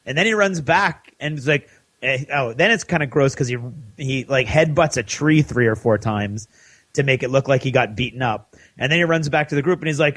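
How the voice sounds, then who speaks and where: A man co-hosting a podcast who gives an animated recap of a TV episode and acts out the characters' lines. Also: mid-range voice, a little fast, no echo. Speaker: podcast co-host.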